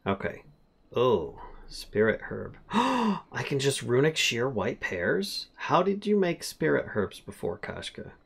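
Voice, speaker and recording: A man talking through his game on a live stream, slow and relaxed. His voice has a gravelly edge and swings lively in pitch. He laughs easily and narrates what he is doing. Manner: easygoing, thinks aloud, laughs often. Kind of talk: casual live-stream chat while playing.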